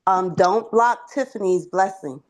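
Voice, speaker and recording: A woman on a group video call, earnestly telling a story with a gentle lesson. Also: mid-range voice, measured pace. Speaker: co-host and sales coach.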